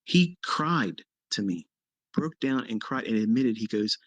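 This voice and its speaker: A man's voice: lively intonation, unhurried, no room sound. Blunt, profane middle-aged man storyteller. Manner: blunt and profane, with sudden emphatic jumps in pitch. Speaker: trading mentor. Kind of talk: casual storytelling on a live audio chat.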